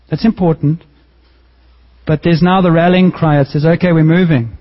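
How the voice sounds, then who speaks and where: A man preaching a sermon as a pastor, lively and joking, with sudden jumps in pitch for emphasis. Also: moderate pace, highs cut off.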